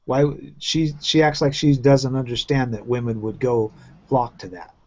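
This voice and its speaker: A man's voice: medium pitch, moderate pace. A man hosting a crude, casual round-table chat over a video call, talking bluntly and profanely in rambling runs full of restarts. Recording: muffled lo-fi online call.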